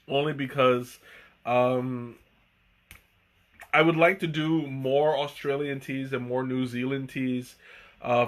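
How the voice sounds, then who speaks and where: A man's voice: a little high, a bit bright. A man hosting a casual tea-tasting live stream, rambling with many ums and restarts. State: hiccuping. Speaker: tea livestream host.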